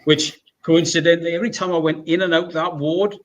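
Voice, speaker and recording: Animated swearing British man, fairly high. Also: brisk, lo-fi sound. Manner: animated storyteller, swears, acts out the people he quotes. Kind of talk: casual chat. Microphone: video call.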